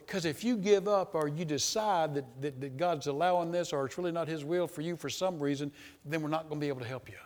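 A man preaching a sermon, emphatic and repetitive, swinging between loud stresses and hushed asides. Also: a little high, quick pace, in a large hall.

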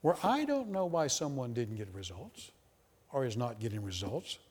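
A man's voice: medium pitch, big pitch swings, moderate pace, breathy edge. Emphatic male preacher in an echoing hall. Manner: emphatic, repetitive, shifts between loud and hushed. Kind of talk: sermon.

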